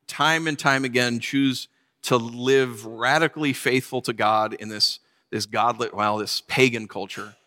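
A man preaching a sermon, telling a funny personal story with lively, animated delivery. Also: mid-range voice. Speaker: pastor.

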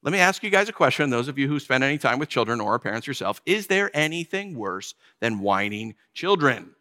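A man preaching a sermon, animated and acting out whiny voices to make his points. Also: mid-range voice, brisk, long reverb tail. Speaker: pastor.

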